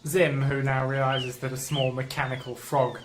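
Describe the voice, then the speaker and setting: A man playing a tabletop game, excitable and bubbly. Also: mid-range voice, moderate pace, noisy background. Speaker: player. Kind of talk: casual tabletop play.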